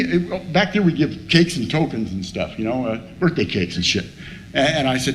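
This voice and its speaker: A man's voice: on the high side, animated, normal speed, a bit bright, slight background noise. A man telling a blunt, profane story at a recovery meeting and acting out both sides of the talk. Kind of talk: storytelling share with humor.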